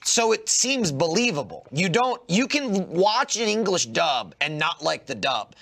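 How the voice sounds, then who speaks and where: An animated man chatting on a podcast, with a slightly high, bright voice that swings widely in pitch. He is profane and loose, and he keeps breaking into mock voices to act out his point. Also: a little slow, vocal fry. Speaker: podcast co-host. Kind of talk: casual chat.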